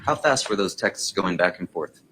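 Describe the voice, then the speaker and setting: A man's voice: low voice, lively intonation, normal speed, bright, forceful tone, slight background noise, rough recording. A man working as a trial attorney, questioning a witness in a courtroom in a methodical, pointed way. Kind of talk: courtroom examination.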